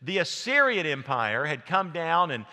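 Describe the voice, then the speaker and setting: A man's voice: fairly high pitch, very animated, unhurried, pushed and bright, in a large hall. A man preaching a sermon in a church, folksy and anecdotal, with frequent fillers and restarts. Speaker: pastor. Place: church sanctuary.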